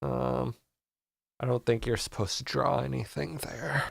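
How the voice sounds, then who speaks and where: A man's voice: medium pitch, fairly even intonation, measured pace, gravelly, dry recording, studio quality. A man hosting a casual comedic art tutorial, rambling and mock-serious, swearing in frustration at his equipment.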